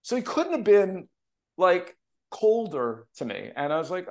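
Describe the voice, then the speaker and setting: A Canadian man, an author who also produces TV, speaks at an ordinary pace in a somewhat high voice. On a remote call for a casual podcast interview, he animatedly shares emotional stories.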